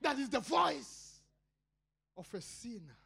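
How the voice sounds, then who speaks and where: South African male pastor, slow fiery sermon, cries out then drops to murmurs. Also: sing-song, creaky, slightly rough. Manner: impassioned, swinging between shouted cries and low murmurs.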